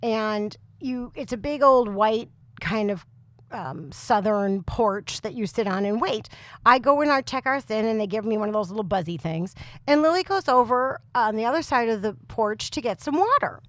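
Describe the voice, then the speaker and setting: A woman in her thirties or forties with a very loud voice, co-hosting a podcast and telling a comic story with lots of laughs and exasperation. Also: a little high, lively intonation, moderate pace, dry recording. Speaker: podcast co-host. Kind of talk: casual chat, comic storytelling.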